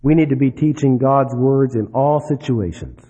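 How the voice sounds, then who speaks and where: A man preaching a sermon, dropping low and soft then rising for emphasis. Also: moderate pace, breathy edge. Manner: dramatic, swings between soft drops and rising emphasis. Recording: dull lo-fi recording.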